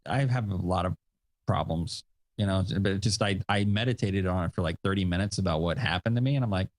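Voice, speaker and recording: Here a male podcast host, a dad with young children, speaks quickly in a low voice. His casual chat rambles along with fillers and self-deprecating asides, with no room sound.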